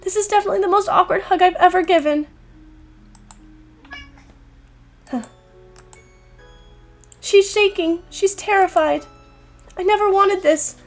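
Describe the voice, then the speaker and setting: A woman voicing a high, urgent schoolgirl heroine. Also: measured pace, faint music behind. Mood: tearful. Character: earnest teenage schoolgirl heroine, emotional.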